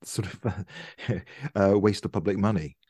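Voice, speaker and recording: A man in relaxed conversation, voice a touch low and recorded dry and close. He rambles a little, circling back and restarting sentences as he talks. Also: a little slow, breathy edge, no echo. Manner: chatty, trailing off with restarts. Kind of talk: casual chat.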